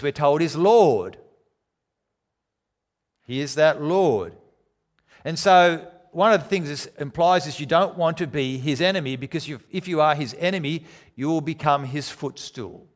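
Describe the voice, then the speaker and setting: A man preaching a sermon, emphatic, swinging between loud declarations and quiet, low lines. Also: animated, a little slow, long pauses.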